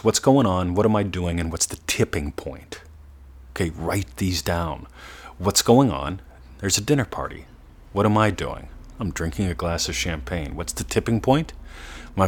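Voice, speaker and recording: A man giving a motivational coaching talk, earnest, sometimes slowing to a soft, drawn-out demonstration voice. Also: sits low, lively intonation. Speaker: manifestation coach.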